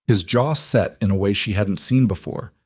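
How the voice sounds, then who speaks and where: A man narrating a story in a steady, deliberate audiobook reading. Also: fairly low pitch, breathy edge, no echo.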